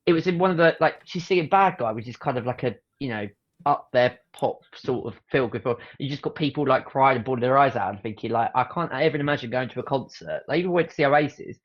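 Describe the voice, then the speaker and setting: Speaking fast in a mid-range voice, a male podcast host laughs his way through stories during casual chat, dropping a swear word now and then. His delivery is animated, and the recording has a lo-fi sound.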